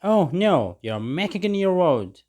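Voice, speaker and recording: A man's voice: high voice, sing-song, measured pace, a little mellow, voice pushed up. A man voicing a kind, helpful male jungle bird who speaks directly.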